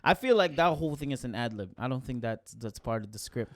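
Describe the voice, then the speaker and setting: Animated, rambling podcast co-host man. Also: medium pitch, a little fast. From Philippines. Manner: animated, rambling, quotes scenes in voices. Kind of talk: casual chat.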